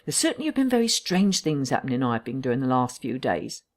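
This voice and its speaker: A woman's voice: extremely low pitch, big pitch swings, fast talker, full character voice. A woman voicing a pompous, evasive male vicar in an audiobook. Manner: pompous, hedging.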